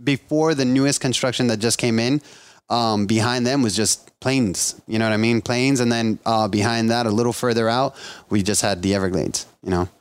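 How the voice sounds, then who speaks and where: A man's voice: medium pitch, moderate pace, clear, resonant tone, no room sound. A man from South Florida, a lawn care business owner, chatting as a guest and agreeing often. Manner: agreeable, lots of "yeah, yeah" backchannel. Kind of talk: casual interview chat.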